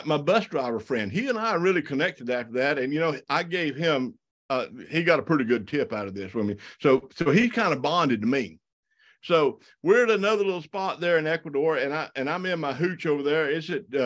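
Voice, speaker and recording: Southern man, slightly high voice, folksy presenter who tells stories and stumbles over his words for a live audience. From South Alabama and North Florida. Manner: folksy, animated, many restarts and repeated words. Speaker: wildlife photographer giving a talk. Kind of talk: storytelling slide presentation.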